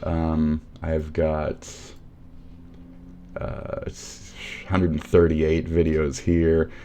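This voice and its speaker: A man's voice: extremely low pitch, monotone, drawn-out words, dark tone, slight background noise. A young man with a Midwestern American accent, a streamer ranting sarcastically and swearing nonstop as he mocks commenters. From Midwest USA. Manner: abrasive, sarcastic, mocking, swears constantly. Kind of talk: profane ranting livestream commentary.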